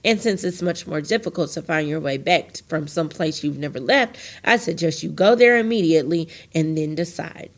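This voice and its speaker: A woman's voice: sits low, moderate pace, hardly any pauses. A woman reading aloud and voicing a fussy, forgetful, ordinary middle-aged man who lives in a house with four doors. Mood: musing.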